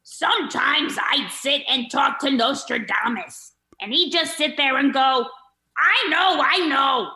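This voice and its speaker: A shrill, squinting male comedian voice with a piercing, bright edge, as a woman puts it on. Every consonant is hit hard, and the pitch is pushed well above a normal man's range. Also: expressive, unhurried, roomy sound, full character voice. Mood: deadpan gripe.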